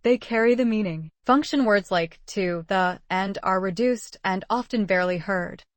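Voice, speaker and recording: A woman narrating an English listening lesson in a clear, measured teaching manner. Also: mid-range voice, no echo, studio quality.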